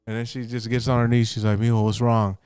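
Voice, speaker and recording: A man's voice: medium pitch, flat delivery, fast, a little mellow, clean tone, dry recording, studio quality. A man casually telling a personal story on a podcast, loose and profane, acting out what his relatives said.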